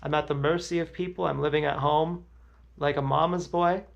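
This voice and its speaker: A man's voice: on the high side, fairly even intonation, normal speed, creaky, lo-fi sound. A young man streaming live, talking in a rambling, repetitive and agitated monologue. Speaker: livestreamer. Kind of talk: emotional livestream monologue.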